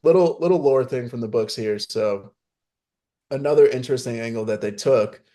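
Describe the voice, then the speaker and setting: A man's voice: mid-range voice, normal speed, dark tone. A man co-hosting a podcast in casual chat, giving opinions and explaining lore. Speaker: podcast co-host.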